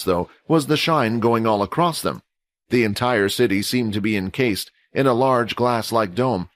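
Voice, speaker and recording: A man giving steady scripted narration of a fantasy audio story, doing voices for the characters. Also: mid-range voice, no echo.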